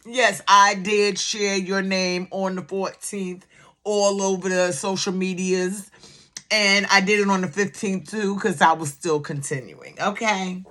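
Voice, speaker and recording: A woman talks straight to her viewers in a loose, chatty commentary. When something outrages her, her voice climbs sharply and she presses her points with indignant repetition. Her usual speaking pitch sits in an ordinary middle range. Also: fairly even intonation, unhurried, fairly bright tone. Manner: chatty, indignant, rises high when upset. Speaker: vlogger commenting on the news. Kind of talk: casual news commentary.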